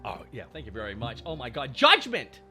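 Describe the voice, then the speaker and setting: A young man hosting a live stream, excitedly shouting out and thanking donors in quick, energetic bursts. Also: medium pitch, over music. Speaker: streamer host.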